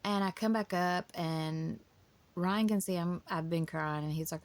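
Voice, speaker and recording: A woman's voice: low-pitched, steady tone, unhurried. A woman, telling her family story in a casual, emotional, rambling way. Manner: emotional, rambling with many restarts.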